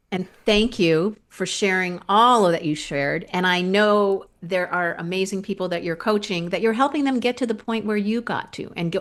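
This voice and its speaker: A middle-aged woman hosting a podcast interview, asking long, rambling, enthusiastic questions. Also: on the low side. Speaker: podcast host.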